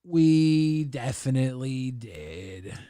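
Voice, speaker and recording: A man hosting a livestream, casually reading viewer messages and rambling with plenty of swearing in a deadpan way. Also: medium pitch, takes it slowly, dry recording, clean studio sound. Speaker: stream host.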